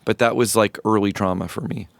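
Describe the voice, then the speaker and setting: Low-voiced man telling a candid story. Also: steady tone, creaky, no room sound. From rural North Florida, USA. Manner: reflective, halting, many restarts and fillers. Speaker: musician guest. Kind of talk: candid personal storytelling in a podcast interview.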